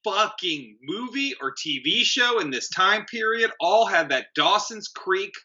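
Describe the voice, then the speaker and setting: A man in his late thirties trades blunt, profane takes in a casual movie review chat. His voice is piercingly bright and tense, with lively swings in pitch, and the recording sounds dull and lo-fi. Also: unhurried. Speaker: podcast co-host.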